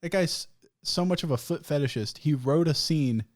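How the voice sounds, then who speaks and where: A man hosting a podcast, telling stories in casual chat, animated, swearing and laughing often. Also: on the high side, moderate pace, dry recording, studio quality. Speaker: podcast host.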